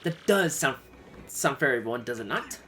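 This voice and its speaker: A man's voice: medium pitch, lively intonation, normal speed, a bit bright, close to an everyday voice. A man voicing a pompous, flamboyant male trader who talks in a grand, theatrical way. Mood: grandiose. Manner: grandiose, dramatic, self-praising.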